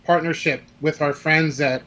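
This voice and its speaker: Male co-host, relaxed, slightly higher voice, casual chat. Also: normal speed, lo-fi sound. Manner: laid-back, reads sponsor plug loosely. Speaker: podcast co-host.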